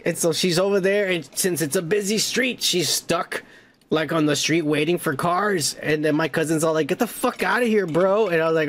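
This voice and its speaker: A man with a fairly high voice hosts a comedy podcast and reads viewer comments aloud. He tells stories in a loose, casual way, swears freely and breaks into laughter often. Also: a bit bright. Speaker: podcast host reading comments. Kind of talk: casual profane storytelling.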